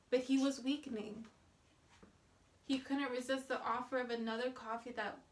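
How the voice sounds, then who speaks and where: A woman reading a novel aloud in a measured, plain storytelling manner. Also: a little high, distant mic. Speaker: reader.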